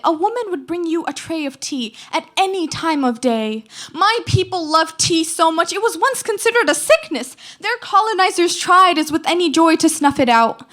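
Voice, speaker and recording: Teen girl slam poet, high voice, rhythmic and emphatic recitation with weighty pauses. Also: fairly bright tone. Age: teens. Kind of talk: spoken word poetry performance.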